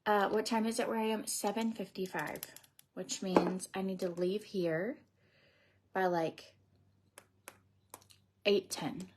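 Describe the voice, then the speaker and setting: A woman's voice: mid-range voice, fairly even intonation, slow pace, long pauses, very noisy. A woman in her thirties doing her makeup on a livestream, chatting in a rambling, casual way and often dropping to a near whisper. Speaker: beauty vlogger. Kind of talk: casual get-ready-with-me livestream chat.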